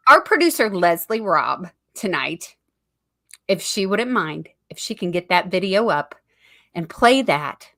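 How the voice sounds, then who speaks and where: A woman's voice: on the low side, big pitch swings, unhurried, vocal fry, bright, forceful tone. A woman hosting an online comedy talk show, joking playfully and teasing herself and her guest. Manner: playful, teasing, self-mocking. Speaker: host. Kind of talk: casual comedy banter.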